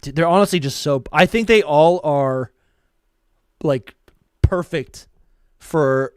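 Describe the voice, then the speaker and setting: An excitable man chats on a podcast, tripping over his words and starting again. His voice sits somewhat high. The sound is dry and close, with no room around it. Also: takes it slowly, clear, resonant tone, no echo. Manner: excitable, stumbles and restarts, reads entries aloud. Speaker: podcast co-host. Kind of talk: casual chat, reading Pokédex entries aloud.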